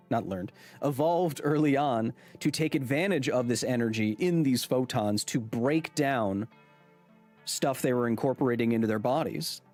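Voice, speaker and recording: Male livestream host, mid-pitched, playful and chatty, light music underneath. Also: a little mellow. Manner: jokey, talks to chat, quick asides. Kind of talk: casual livestream chat.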